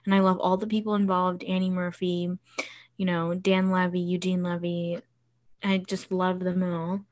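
A woman co-hosting a podcast in casual chat, gushing and excitable, with rambling stories. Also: lowish voice, moderate pace. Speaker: podcast co-host.

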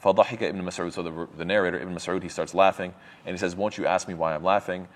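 A man teaching a religious lesson, explaining terms with many fillers and restarts and quick Arabic quotations. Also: low-pitched, fairly even intonation. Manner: reads Arabic quotes quickly. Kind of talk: explaining a lecture.

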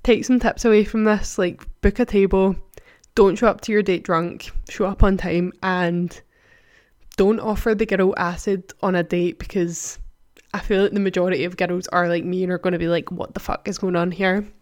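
A woman's voice: fairly low pitch, steady tone, normal speed, darkish tone, no room sound. A young woman, hosting a podcast and telling a story in a casual, chatty way full of "like". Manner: chatty, full of "like" and "do you know what I mean". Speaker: podcast host.

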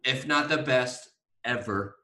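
A man co-hosting a podcast, rambling excitably about sports in casual chat, with some swearing. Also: mid-range voice, takes it slowly, recorded from a distance. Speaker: podcast co-host. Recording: echoey room.

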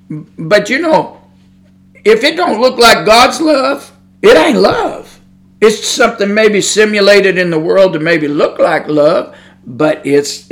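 A man preaching a podcast sermon in a folksy drawl, his voice sitting high for a man. He talks straight into the microphone, speaking plainly and with emphasis, and pushes hard with fervent intensity. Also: a bit bright. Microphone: studio microphone.

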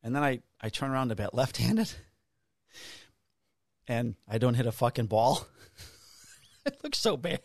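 A man's voice: medium pitch, measured pace, pauses often, no echo, studio quality. Profane fifty-something man telling stories. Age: 50s. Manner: profane, animated storyteller acting out dialogue. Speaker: podcast co-host. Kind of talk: casual storytelling chat.

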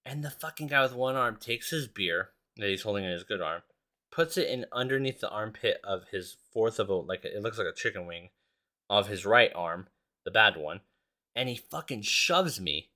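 A man's voice: lowish voice, lively intonation, normal speed, sharp tone. Profane, rambling male podcast host. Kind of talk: casual storytelling.

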